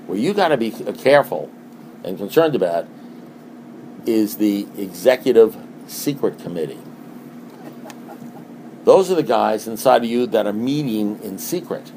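Animated middle-aged man at a recovery meeting. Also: lowish voice, moderate pace, long pauses, slight background noise. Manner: animated, repetitive, rhetorical questions.

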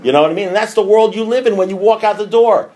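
A middle-aged man speaking candidly to a recovery group, blunt and profane, with loud bursts and low mutters. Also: fast talker.

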